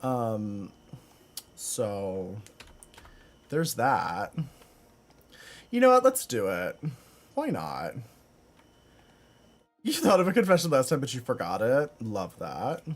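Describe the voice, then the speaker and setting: A man's voice: mid-range voice, huge pitch swings, takes it slowly, long pauses. A man live-streaming from home, chatting casually with viewers, rambling with lots of fillers and frequent laughs. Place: home room.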